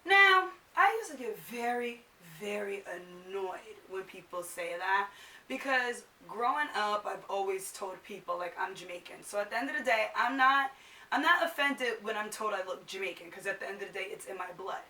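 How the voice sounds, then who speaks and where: Young woman vlogger from New Jersey, exasperated casual rant, sharp bright voice, mic a little far off. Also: mid-range voice, moderate pace. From New Jersey, USA. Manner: animated, exasperated, acts out other people's questions. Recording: echoey room, voice a little off-mic.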